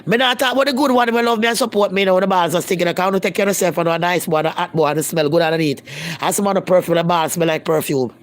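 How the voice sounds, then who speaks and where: A woman's voice: fairly low pitch, rapid-fire. A Jamaican woman talking bluntly to viewers in a casual live-stream chat, speaking in patois and repeating herself for emphasis. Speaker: vlogger.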